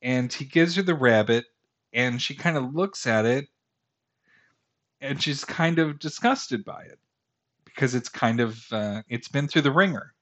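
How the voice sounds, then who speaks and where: Talking casually on his fantasy podcast, this thirties-aged host rambles in a self-deprecating way, restarting often and leaning on fillers throughout his solo commentary. His mid-range voice is expressive, slightly slow and a bit bright, though the audio is dull.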